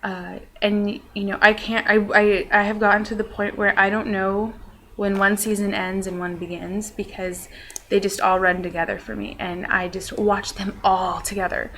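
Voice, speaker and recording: A young woman with a mid-range, fairly bright voice speaks at a moderate pace with little pitch movement, in a low-quality recording with slight background noise. In her vlog she chats casually, rambling with lots of fillers and poking fun at herself.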